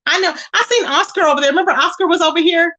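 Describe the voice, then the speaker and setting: A woman hosting a casual online chat. She talks in a sassy, animated way and calls her listeners child and baby. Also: very high voice, very fast. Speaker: YouTube commentary host. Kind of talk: casual chat to a live audience.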